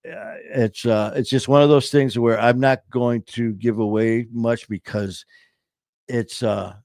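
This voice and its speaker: A man's voice: medium pitch, fairly even intonation, unhurried, creaky, darkish tone. A man co-hosting a podcast in casual chat. His voice sits mid-range, and he talks in a rambling, upbeat way that keeps restarting. The sound is dry and close, with no room echo. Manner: rambling, self-interrupting, upbeat. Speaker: podcast host.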